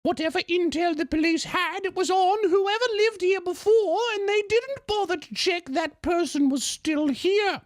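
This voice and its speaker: A man voicing a near-blind young English woman in a prim falsetto with an English accent, reading her own email for comedy. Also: normal speed, few pauses, no echo, studio quality.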